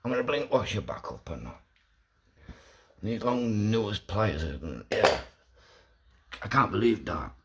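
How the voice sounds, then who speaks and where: A man filming a do-it-yourself vlog while fixing a washing machine, excitable and swearing constantly. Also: lowish voice, a little slow, creaky, pauses often, noisy background. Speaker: vlogger. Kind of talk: casual DIY vlog.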